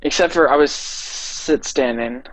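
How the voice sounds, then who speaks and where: A man's voice: on the high side, unhurried, rough recording. A young man co-hosting a podcast, chatting casually in a matter-of-fact way about his week. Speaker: podcast co-host. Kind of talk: casual chat.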